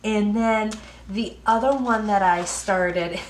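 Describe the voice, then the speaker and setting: An American woman talks at a slow, easy pace in a mid-range voice, hosting a casual home podcast. She rambles a little and leans on fillers. The room gives her voice a noticeable echo. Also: medium pitch, slight background noise. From United States. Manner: unhurried, rambling, with many fillers. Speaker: podcast host. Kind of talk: casual knitting podcast chat.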